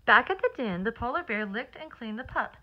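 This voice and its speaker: A woman reading a picture book aloud to children, pausing to explain words and count along with them. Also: on the high side, animated, highs cut off. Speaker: teacher.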